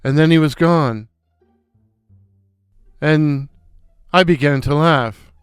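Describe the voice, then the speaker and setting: An older man narrating a comic story in a wry, unhurried way. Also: a little high, smooth, no echo, studio quality, soft background music. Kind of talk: scripted narration.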